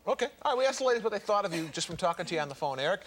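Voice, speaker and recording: A man's voice: high voice, racing. A man hosting a dating game show, teasing the contestants in front of a studio audience. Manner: animated, teasing. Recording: loud audience and noise. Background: studio audience cheering.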